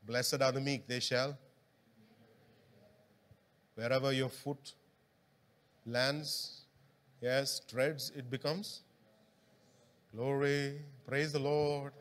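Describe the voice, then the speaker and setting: A man's voice: medium pitch, flat delivery, very slow, long pauses, fairly bright tone. A man preaching a sermon in a church hall, talking casually and quizzing the congregation. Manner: conversational, engaging the congregation with questions. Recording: long hall reverb.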